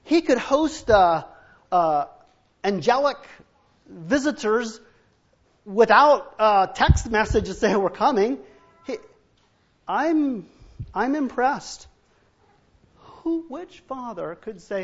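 A man's voice: sits high, expressive, slow, long pauses, slightly rough. A male preacher delivers a sermon with humor. He acts out Bible scenes and household arguments in different voices. The recording sounds dull and muffled. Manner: humorous asides to the congregation.

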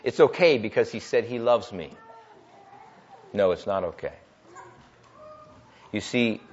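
A man preaching a sermon as pastor, swinging between loud emphatic declarations and quiet, intimate asides. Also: fairly low pitch, expressive, measured pace, long pauses, a little hiss or hum. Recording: dull lo-fi church recording.

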